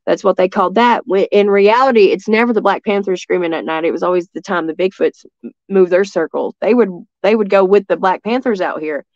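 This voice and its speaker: A woman from East Tennessee with a Southern accent, telling a story as a guest in a rambling, excitable way full of restarts. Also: mid-range voice, fairly quick, dry recording, dull audio. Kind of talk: casual storytelling.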